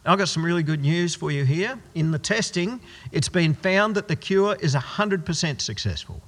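A man's voice: on the high side, expressive, normal speed, few pauses, fairly bright tone. A man preaching a sermon as pastor, emphatic and posing rhetorical questions he answers himself. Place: church. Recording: long church hall reverb.

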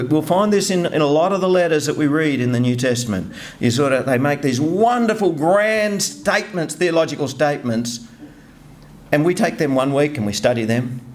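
A man's voice: mid-range voice, a little mellow, slight background noise. A middle-aged man giving an informal, self-deprecating sermon, often restarting his sentences. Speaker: lay preacher.

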